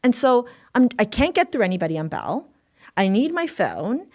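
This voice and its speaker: A woman, a manifestation coach, telling a story in a casual podcast chat, animated and swearing freely. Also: a little high, moderate pace.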